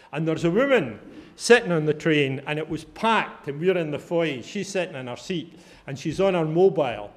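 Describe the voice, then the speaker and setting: A middle-aged Scottish man giving a conference talk, telling anecdotes in a chatty way and swearing casually. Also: a little high. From Fife, Scotland. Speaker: conference speaker. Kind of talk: humorous storytelling talk.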